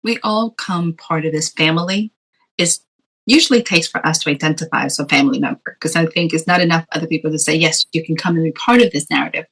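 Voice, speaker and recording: Expressive middle-aged woman telling stories. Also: deep voice, fast talker, low-quality recording. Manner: expressive storyteller, acts out quoted voices. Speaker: guest author. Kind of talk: conversational interview.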